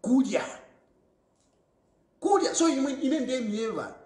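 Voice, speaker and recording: A man's voice: high voice, big pitch swings, moderate pace, echoey room. A Zambian man giving emphatic, repetitive political commentary, switching often between English and a local language.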